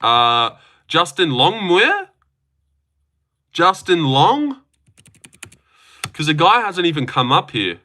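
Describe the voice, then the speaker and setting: Bright young Australian guy streaming. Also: a little high, big pitch swings, takes it slowly, pauses often. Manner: joking, swears freely, reads chat aloud. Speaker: streamer host. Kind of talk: casual livestream chat.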